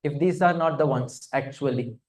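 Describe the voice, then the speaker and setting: A man's voice: medium pitch, normal speed, a little mellow. A man leading a scripture study class. He talks interactively, asks his listeners questions and often hums between points. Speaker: spiritual teacher.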